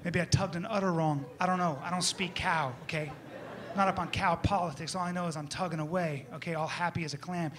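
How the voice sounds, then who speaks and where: A man performing a comic monologue, animated, breaking into shouted high character voices. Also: brisk, a crowd in the background. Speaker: comedian. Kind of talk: stand-up style comic monologue.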